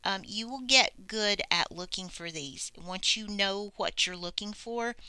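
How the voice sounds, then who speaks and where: A woman teaching a recorded grammar lesson, reading examples slowly and deliberately, with soft breathy asides. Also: lowish voice, no room sound. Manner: slow, deliberate, reads examples aloud with pauses.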